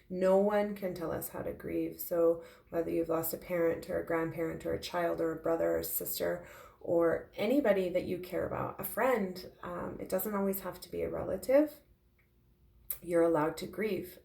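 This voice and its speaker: Emotional woman, low gravelly voice, heartfelt and halting confessional vlog, echoey room sound. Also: mellow. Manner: heartfelt, halting, with frequent fillers. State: tearful, emotional. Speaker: intuitive medium sharing her grief.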